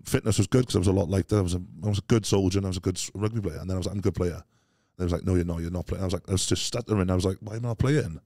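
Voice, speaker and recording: Welsh man, very deep and dark-toned, rapid-fire rambling anecdotes, blunt and self-questioning; guest in a casual chat. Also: steady tone, no echo, studio quality. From Wales. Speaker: podcast guest. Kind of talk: casual interview storytelling.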